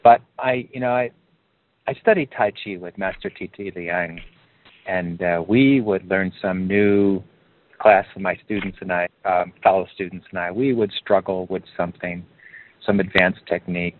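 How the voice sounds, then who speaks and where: A man coaches over a narrow, phone-like line, his voice sitting fairly low. He speaks calmly and encouragingly, often lifting his pitch to stress a point. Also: moderate pace. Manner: calm, encouraging, rises in pitch for emphasis. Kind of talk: group coaching call.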